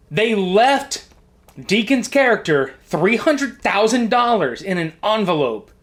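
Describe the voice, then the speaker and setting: A man co-hosting a podcast, retelling film scenes in a casual, profane, animated way. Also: high voice. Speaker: podcast co-host. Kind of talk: casual movie review chat. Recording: early amateur mic setup.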